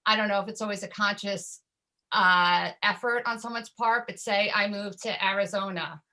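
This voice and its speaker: A woman's voice: medium pitch, normal speed, pushed and bright. A woman speaking as a panelist in an online discussion, chatty and piling up several points at once.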